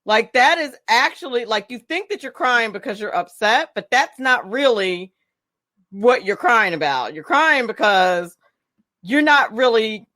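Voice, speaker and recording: A woman's voice: on the high side, expressive, measured pace, sharp tone, no echo. A woman radio show host in a casual interview chat, giggly and chatty with stammered restarts.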